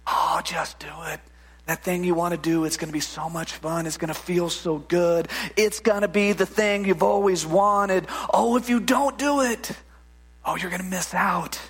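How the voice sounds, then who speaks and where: A man voicing a sly, cruel male devil who whispers temptations and insults in a soft, hushed voice. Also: extremely high pitch, takes it slowly, exaggerated voice. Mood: coaxing. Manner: coaxing then sneering.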